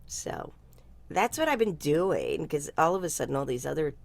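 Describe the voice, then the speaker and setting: A woman's voice: sits low, big pitch swings, normal speed, gravelly, dry recording. An older woman telling a story in a casual chat, blunt and salty-tongued, laughing often. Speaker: guest speaker. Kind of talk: casual video-call chat.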